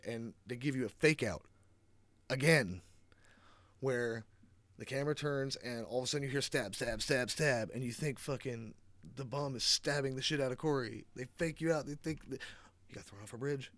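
A man rambles through a casual movie recap, swearing freely and sarcastic as he goes. The mic is close and the sound is dry, with no room echo at all. His pitch sits at an ordinary middle for a man. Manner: rambling, profane, sarcastic, many fillers. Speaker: movie reviewer.

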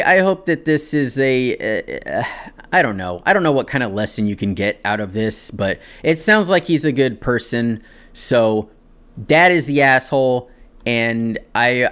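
A man hosting a podcast, reading out a forum post and then ranting about it casually and indignantly, swearing freely. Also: mid-range voice. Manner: indignant, swearing, mocking voices in quotes. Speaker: podcast host.

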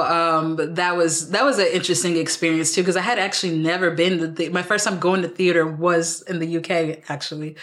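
A young woman with a Texan accent, chatting as a podcast guest in an animated, rambling way full of fillers. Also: low voice. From Houston, Texas. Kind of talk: casual conversation.

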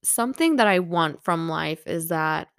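A young woman with an American-leaning English accent chats candidly on her podcast, full of fillers and easy laughter. Her voice sits a little low, smooth and resonant with a gravelly fry at the ends of phrases. The sound is close and dry. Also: animated, measured pace, dry recording. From Nordic Europe. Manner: candid, chatty, laughs often, many fillers. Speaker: podcast host. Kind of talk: casual chat.

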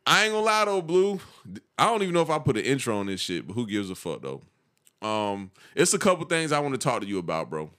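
Animated slangy man on a podcast. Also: mid-range voice, fast talker. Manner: animated, slangy storytelling with acted-out quotes. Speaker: podcast co-host. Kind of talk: casual podcast chat.

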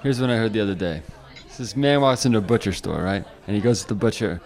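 A man telling a joke about a butcher in a brisk, chatty way. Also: fairly low pitch, vocal fry, darkish tone.

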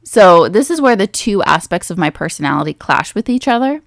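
A young woman talks her way through a quiz in a relaxed, chatty vlog, doubting her answers and laughing at herself. Her voice sits on the low side with a bit of vocal fry, and the recording is close and dry. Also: brisk, no room sound. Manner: chatty, self-deprecating, thinks aloud. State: pregnant. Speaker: vlogger. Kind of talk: casual chat.

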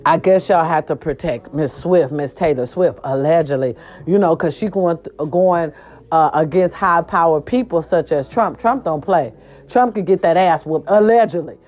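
A woman hosting a casual gossip show, sassy and animated, swearing freely, with a hoarse voice from a sore throat. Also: low voice, moderate pace, dull audio. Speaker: host.

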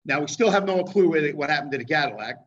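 Lively high-voiced man, dull lo-fi sound. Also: fast. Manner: lively, checks in with rhetorical questions. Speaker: storyteller. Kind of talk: casual storytelling with a friend.

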